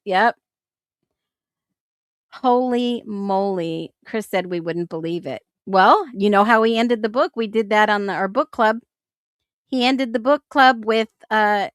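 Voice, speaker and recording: Woman, talk host, slow unhurried delivery, dry close sound, incredulous, thinking aloud. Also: medium pitch, no room sound. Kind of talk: casual commentary on case documents.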